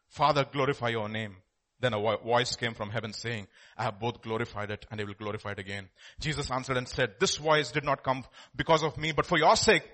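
A man preaching a sermon, reading scripture and explaining it, swinging between loud exclamations and quiet asides. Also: mid-range voice, a little fast.

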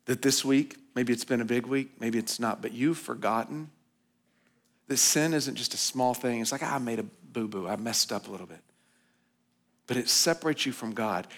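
In a church hall, a male pastor delivers a sermon built around a personal story told conversationally. He climbs to emphatic points, then sinks soft and low for moments of reflection.

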